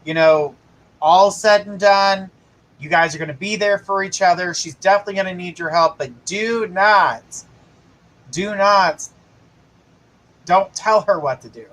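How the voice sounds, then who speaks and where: Bright high-voiced man giving psychic readings. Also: a little slow, poor audio. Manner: casual, reassuring, gives direct advice. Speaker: psychic host. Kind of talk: live-stream psychic reading.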